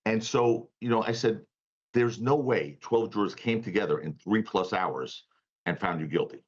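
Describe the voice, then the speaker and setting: A male defense attorney with a lowish, slightly rough voice joins a talk show over a remote call, speaking at a moderate pace on a muffled recording. In this animated storytelling interview, he tells a story emphatically and laughs now and then.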